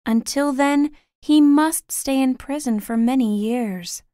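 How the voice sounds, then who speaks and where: A man voicing a gentle, sad mother in an audiobook reading, with a soft, tender manner. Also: very high voice, slow, no room sound, clean studio sound, pitched above the performer's own voice.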